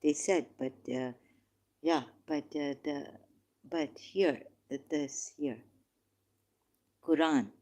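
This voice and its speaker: Low, slow-spoken woman correcting insistently. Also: darkish tone. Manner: insistent, repeatedly correcting, reads verses aloud. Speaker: debate participant. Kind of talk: heated religious debate.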